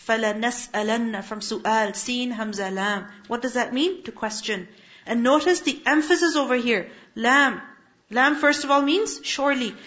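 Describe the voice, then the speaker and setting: A woman's voice: a little high, a bit bright, lo-fi sound. A woman giving a Quran lesson, explaining Arabic words one by one and asking her listeners rhetorical questions. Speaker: Quran teacher. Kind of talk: religious lesson on Quranic verses.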